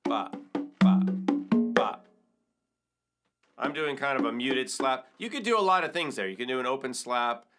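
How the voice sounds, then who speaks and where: Over loud music of congas and wood block, a middle-aged man teaches hand drumming one step at a time. His mid-range voice swings widely in pitch and moves briskly with few pauses as the percussion teacher counts, sings rhythms aloud, and slips into vocables.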